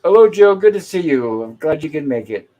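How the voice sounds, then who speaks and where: A man's voice: a little high, very animated, a little fast, warm tone, highs cut off. Chatty man retelling sitcom scenes. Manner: retells scenes, briefly acting out lines. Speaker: podcast host reviewing a classic sitcom. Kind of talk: casual livestream recap.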